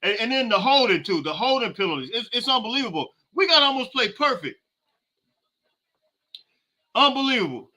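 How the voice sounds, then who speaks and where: Podcast host, male, high-pitched and piercingly bright, ranting in casual slang. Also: very animated, moderate pace, pauses often. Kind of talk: live halftime reaction with viewer comments.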